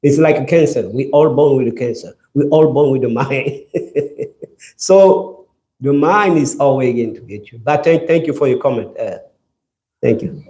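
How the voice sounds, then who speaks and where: Halting French-accented man, mellow voice. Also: medium pitch, dull audio. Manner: halting, repeats words, searches for English words. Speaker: class speaker. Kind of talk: scripture class talk.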